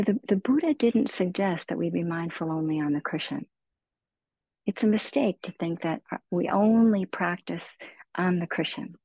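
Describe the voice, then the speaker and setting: A middle-aged woman teaching meditation, guiding listeners slowly and soothingly through body, breath and heart. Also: lowish voice, vocal fry, husky, dry recording, rough recording. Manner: slow, soothing, gently encouraging. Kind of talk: guided meditation talk.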